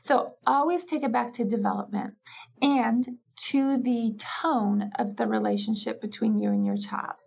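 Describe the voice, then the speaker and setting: A woman with a fairly high voice that carries a gravelly, husky edge. She speaks as a parenting expert in an interview, explaining patiently and reflectively. She often slips into acted-out parent dialogues. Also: sing-song, moderate pace, a little mellow.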